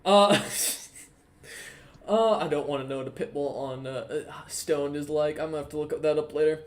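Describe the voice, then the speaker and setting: A man's voice: on the high side, steady tone. A man running an online tabletop game as dungeon master, talking casually with lots of ums and uhs and the odd curse. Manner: casual, profane, halting with many ums and uhs.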